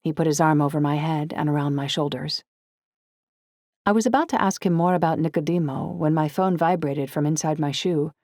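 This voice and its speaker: A woman reading a first-person audiobook in a steady, expressive way, close to the mic. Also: deep voice, fairly quick, no room sound. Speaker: audiobook narrator.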